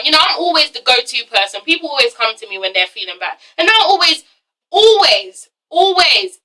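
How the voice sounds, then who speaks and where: Brief: high-voiced woman, sassy vlog commentary, mic a bit far off. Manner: sassy, swears freely, animated asides. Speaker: reality TV reviewer. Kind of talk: casual opinionated commentary.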